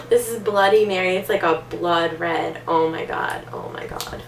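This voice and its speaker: A young woman unboxing makeup gifts in a casual vlog, excitable and gushing, gasping often. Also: medium pitch, measured pace, roomy sound, far from the mic, a little hiss or hum. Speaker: beauty vlogger.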